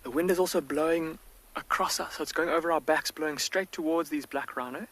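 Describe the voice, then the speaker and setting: A man working as a field guide, giving hushed, excited live wildlife commentary outdoors from a safari vehicle, with the mic close to his face. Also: on the high side, fairly quick, rough recording. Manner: hushed, near-whispered, excited.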